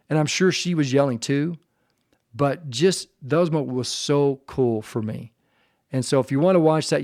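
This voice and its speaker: A man hosting a podcast, talking earnestly and with deep feeling about his family and faith, at times choked up. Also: darkish tone, no room sound, clean studio sound. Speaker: podcast host. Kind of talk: heartfelt faith-based podcast monologue.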